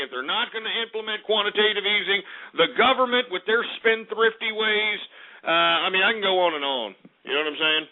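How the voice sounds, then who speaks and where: Brash, profane man on lo-fi talk radio. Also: on the high side. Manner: brash, profane, ranting, with many fillers. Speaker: radio host. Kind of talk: talk radio rant and market report. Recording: phone-like lo-fi radio stream.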